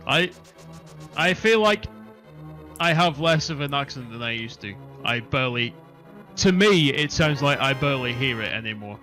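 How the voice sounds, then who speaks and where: Bright-voiced, dry-humored man. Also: mid-range voice, expressive, normal speed, faint music behind. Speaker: stream guest. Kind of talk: casual chat over a game stream.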